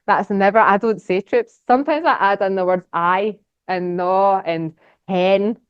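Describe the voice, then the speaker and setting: A woman's voice: mid-range voice, unhurried, smooth, dry recording. A young woman with a Scottish accent talks casually and enthusiastically to a society audience, rambling with plenty of fillers. The recording is dry and a little dull. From Scotland. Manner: chatty, enthusiastic, rambling with many fillers and laughs. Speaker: guest speaker. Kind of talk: casual conference talk.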